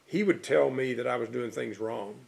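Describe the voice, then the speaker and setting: A middle-aged man, telling rambling, animated anecdotes in an interview. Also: medium pitch, moderate pace, creaky. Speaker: interviewee, local storyteller. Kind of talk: casual storytelling interview.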